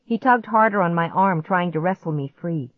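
A woman narrating a storybook in a measured, vivid first-person reading. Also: lowish voice, expressive, no echo. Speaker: audiobook narrator. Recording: dull muffled audiobook recording.

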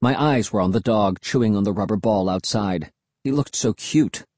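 A man narrating a first-person storybook in an expressive, tense storytelling manner. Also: on the low side, moderate pace, no echo. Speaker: audiobook narrator.

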